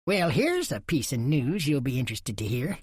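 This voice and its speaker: A man voicing an eager, excitable short male saddle maker who stammers. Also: medium pitch, normal speed, slightly rough, dry recording, clean studio sound.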